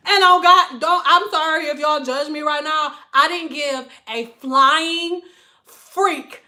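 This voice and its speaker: A woman from Detroit, a hairstylist, telling a profane, animated story on a livestream. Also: high voice, slow. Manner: animated, profane, thanks donors mid-story.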